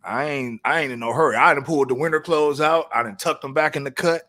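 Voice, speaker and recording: A man's voice: a little high, quick pace, bright, forceful tone. A middle-aged man co-hosting a casual podcast, laid-back and full of street slang, often restarting his sentences. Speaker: podcast co-host.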